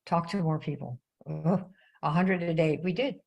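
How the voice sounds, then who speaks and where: An older woman coaching on network marketing in an animated, conversational live-stream talk. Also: deep voice, moderate pace, creaky, rough recording.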